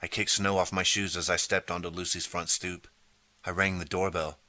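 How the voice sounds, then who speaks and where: Male audiobook narrator, deep, bright edge, dry close sound. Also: little pitch movement, normal speed, no echo. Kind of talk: scripted first-person narration.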